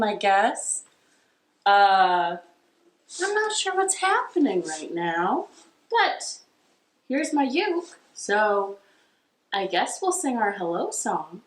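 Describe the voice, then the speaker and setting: High-voiced woman leading a kids' storytime. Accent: American. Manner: playful, self-deprecating, sings along with ukulele. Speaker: children's librarian. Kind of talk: children's storytime with songs. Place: living room at home. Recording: echoey home room with ukulele.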